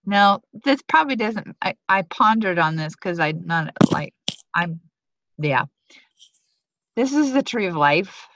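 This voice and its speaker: A woman's voice: fairly low pitch, fairly bright tone, no echo. A woman sharing a spiritual testimony in a searching way, thinking aloud as she goes. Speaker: prayer group member. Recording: dry, muffled lo-fi audio.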